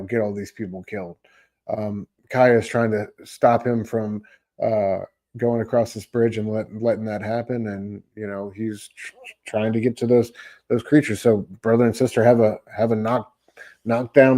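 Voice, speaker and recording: A man's voice: on the low side, warm tone. A man co-hosting a casual comic book podcast, laid-back, saying "dude" and "man" a lot and filling gaps with "um" and "uh.". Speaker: podcast co-host.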